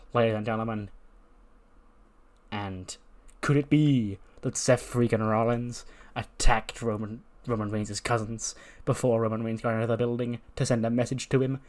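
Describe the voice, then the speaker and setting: A cocky male heel wrestler with a taunting, swaggering promo manner, as a man puts him on. He boasts and sneers in an improvised wrestling promo. His voice sits at an ordinary middle pitch. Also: steady tone, moderate pace, natural voice. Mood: smug.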